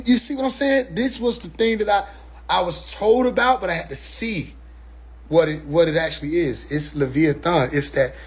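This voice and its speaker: A man speaking in a casual, animated monologue on his own stream, repeating words as he restarts his sentences. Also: high-pitched, slightly rough.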